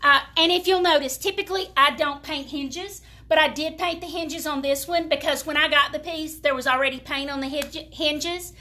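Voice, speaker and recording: This woman speaks at a moderate pace with hardly any pauses, her high-pitched voice steady, bright, and forceful. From the American South with a Southern US accent, she chats folksily to viewers during a live furniture-painting demonstration.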